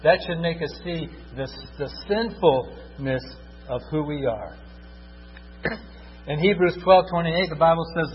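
Male preacher, slightly high voice, building to loud repeated cries then dropping to hushed pleading; dull, echoing church recording. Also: a little hiss or hum. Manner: swings from loud fervent repetition to hushed tender pleading. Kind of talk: sermon.

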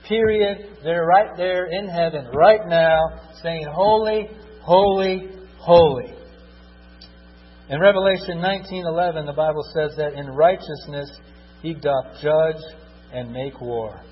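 A man preaching a sermon, swinging from loud fervent repetition to hushed, tender pleading. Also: a little high, steady tone, unhurried, husky, big-room sound, dull audio.

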